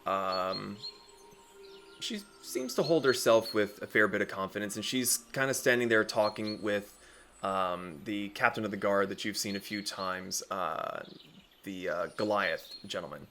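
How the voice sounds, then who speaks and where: A man narrating as game master, casual and profane, with many pauses and fillers. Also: on the low side, bright, forceful tone, slight background noise.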